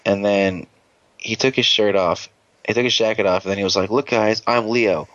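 Low-voiced man rambling through a profane recap. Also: steady tone, brisk, fairly bright tone, no room sound, dull audio. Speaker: podcast host. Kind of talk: casual episode recap.

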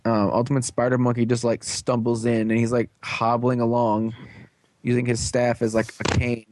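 A young man hosts the show and recaps an episode in a rambling, filler-heavy way with sarcastic asides. His voice sits at a middle pitch, and the recording is close and dry, with no room sound. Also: completely flat delivery, moderate pace, a little mellow, dry recording. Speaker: show host.

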